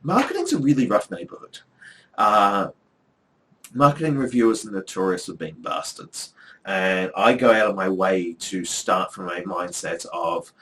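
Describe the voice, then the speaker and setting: A man's voice: deep voice, a bit bright. A middle-aged man, chatting casually to the camera in a rambling, wry way with lots of ums. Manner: rambling, chatty, with frequent ums and dry asides. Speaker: vlogger and academic.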